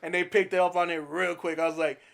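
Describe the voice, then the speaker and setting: A young man co-hosting a podcast, telling animated anecdotes and swearing freely. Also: high-pitched, brisk, gravelly. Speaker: podcast co-host. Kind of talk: casual chat.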